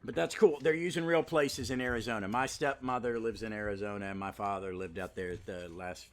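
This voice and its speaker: A man's voice: lowish voice, brisk, fairly bright tone. A man hosting a podcast, giving a casual, rambling comic book review full of asides and fillers. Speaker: podcast host.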